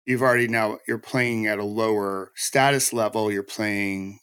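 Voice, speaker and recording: A man from the United States hosts a podcast interview with a reflective, earnest manner. His voice sits fairly low and sounds close and dry, with no room around it. He builds ideas in long, flowing turns. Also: steady tone, normal speed, fairly bright tone, clear, resonant tone, no echo. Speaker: podcast host. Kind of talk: conversational interview.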